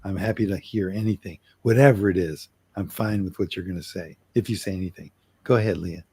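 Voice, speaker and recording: A middle-aged man with a lowish voice coaches on communication. He is earnest and stretches out key words for emphasis. The sound is dry and close. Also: brisk, darkish tone, husky, no echo. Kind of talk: role-played apology demonstration.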